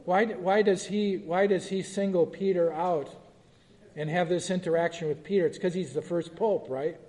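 Male pastor leading a Bible study, mellow tone, reads scripture then asks questions; long hall reverb. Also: sits high, fairly even intonation, moderate pace.

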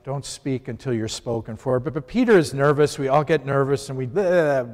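A man's voice: mid-range voice, a little fast. Man teaching in a reverberant hall. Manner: conversational, poses questions to the class. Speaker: Bible study teacher. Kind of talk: informal Bible lesson.

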